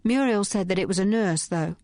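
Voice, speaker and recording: A woman's voice: medium pitch, a little fast, mellow, no room sound, natural voice. A woman voicing a nervous young maid who speaks up eagerly.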